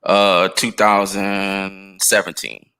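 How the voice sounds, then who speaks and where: A man's voice: deep voice, little pitch movement, slow, sharp tone, clean tone. An American man chatting casually on a podcast, telling stories in a laid-back, slangy way. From United States. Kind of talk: casual chat.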